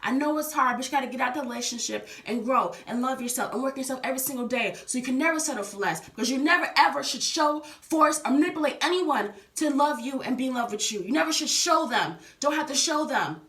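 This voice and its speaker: A woman's voice: high voice, fast talker, few pauses, a bit bright, distant mic. Earnest young woman, echoey room. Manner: earnest, repetitive, talks straight to the viewer as "baby". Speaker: vlogger giving relationship advice. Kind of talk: casual heartfelt advice talk.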